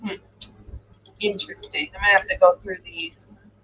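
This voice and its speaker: A woman hosts a live true crime stream, thinking aloud as she reacts and trailing off in hesitant musing, and she coos softly to her dog. Her medium-pitched voice is steady, moderately paced, and has a breathy edge. The stream audio is dull and lo-fi.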